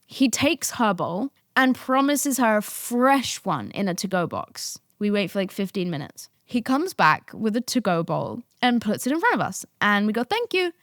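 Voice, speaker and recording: A young woman hosting a podcast, telling a story in a casual, animated way, swearing and breaking into laughter. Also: mid-range voice, normal speed, hardly any pauses, dry recording, studio quality. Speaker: podcast host.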